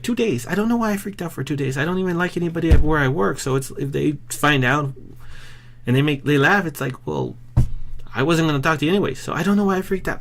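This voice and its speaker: Rambling, self-deprecating man, slightly high voice. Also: a bit bright. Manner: rambling, self-deprecating, restarts sentences often. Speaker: vlogger. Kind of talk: casual rambling vlog monologue.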